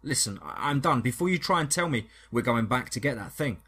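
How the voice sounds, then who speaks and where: A husky, panicky young farmer, as a man puts him on, his voice climbing higher and louder than the narrator's. He sounds shaken and close to breaking in this horror audio story. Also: expressive, fairly quick, full character voice. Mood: scared. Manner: panicky, pleading. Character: scared young man, farmer and new father.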